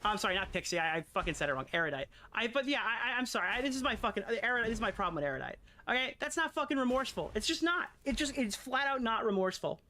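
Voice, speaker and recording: A woman's voice: a little high, expressive, racing, few pauses, bright, forceful tone, slight background noise. A woman streamer ranting in casual commentary, exasperated and swearing often.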